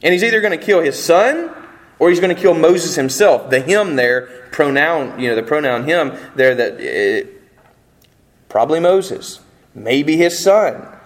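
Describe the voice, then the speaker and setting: A man's voice: a little high, expressive, measured pace, rough recording. A man preaching a sermon in a conversational way, acting out the voices he quotes and often restarting his sentences. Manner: conversational, acts out quoted voices, self-interrupting. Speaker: pastor.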